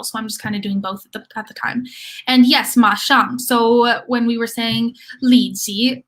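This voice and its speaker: A woman's voice: on the high side, fairly bright tone. Chatty young woman teaching a livestream. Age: young adult. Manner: chatty and rambling, many fillers like "like" and "um"; reads comments aloud and answers viewers. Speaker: livestream study host. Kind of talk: casual livestream lesson.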